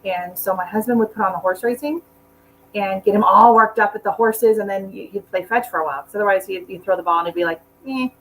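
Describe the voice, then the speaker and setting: A woman's voice: medium pitch, fairly even intonation, quick pace, a bit bright, slight background noise, rough recording. A middle-aged woman chatting casually on a gardening live stream at home, rambling between potting tasks and asides to her dog. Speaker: gardening channel host. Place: at home indoors.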